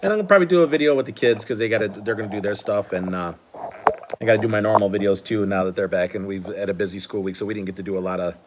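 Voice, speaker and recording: A man with a lowish, fast voice hosts a casual live stream over heavy background noise, sorting cards as he chats. He acts as host and coach, and his easygoing talk rambles along with many restarts.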